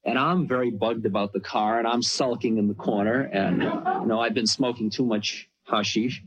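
A low-voiced man tells a personal story in a loose, rambling way. His voice is husky, and the recording sounds dull and lo-fi. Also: normal speed. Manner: rambling and conversational, full of "you know".

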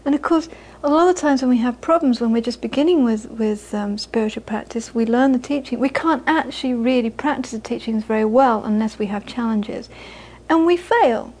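A woman's voice: fairly high pitch, fairly quick, hardly any pauses, a little mellow, poor audio. A woman Buddhist teacher giving an informal, conversational dharma talk to an audience, repeating phrases for emphasis and often laughing.

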